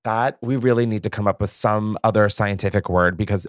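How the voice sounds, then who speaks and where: A man's voice: fairly low pitch, fairly quick, hardly any pauses, no echo, clean studio sound. A man hosting a podcast, reading stories aloud in a profane, gossipy manner, jittery from caffeine and laughing often. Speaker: podcast host.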